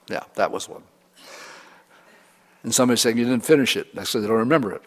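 A man's voice: mid-range voice, brisk, pauses often, husky. A pastor preaching a sermon in a conversational, humorous way, acting out examples as he goes. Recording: reverberant hall.

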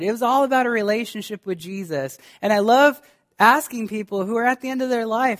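A man's voice: high voice, a little fast, a bit bright. A man preaching a sermon as pastor, speaking fervently and directly to his congregation, often restarting his sentences.

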